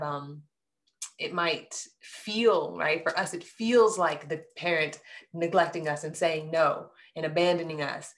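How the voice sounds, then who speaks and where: A woman giving a general tarot reading to her viewers, earnest and heartfelt, often checking in with "right?" and soft hums between thoughts. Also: deep voice. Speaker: tarot reader.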